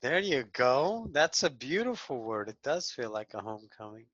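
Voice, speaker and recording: A man's voice: mid-range voice, sing-song, normal speed, a bit bright, lo-fi sound. A man leading an online spiritual class, affirming each speaker and calling members by name. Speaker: group class leader.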